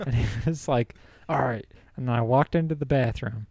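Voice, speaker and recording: A man's voice: medium pitch, moderate pace, a little mellow, no room sound. A young man hosting a podcast, telling a college story casually and laughing through it. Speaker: podcast host.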